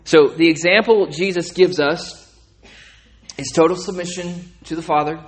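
A man preaching a sermon in a conversational way, often asking "okay?" and "right?", repeating and restarting words, and rising in pitch and volume when he gets emphatic. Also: fairly even intonation, normal speed. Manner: conversational, asks listeners to check in with "okay?" and "right?". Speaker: pastor.

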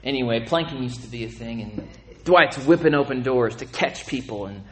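A man preaching a sermon in a conversational way, often asking "okay?" and "right?", repeating and restarting words, and rising in pitch and volume when he gets emphatic. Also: expressive, normal speed, a bit bright, a little hiss or hum. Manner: conversational, asks listeners to check in with "okay?" and "right?". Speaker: pastor.

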